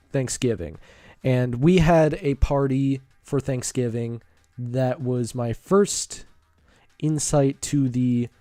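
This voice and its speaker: A man's voice: mid-range voice, mellow, no room sound. Rambling teenage boy telling a story. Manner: rambling, with many fillers and asides. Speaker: streamer. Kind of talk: casual storytelling.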